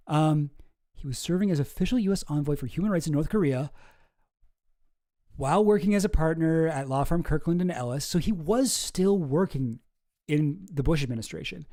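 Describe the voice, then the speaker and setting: A man hosting a casual stream, reading documents aloud and thinking out loud with many restarts. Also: on the high side. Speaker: streamer host.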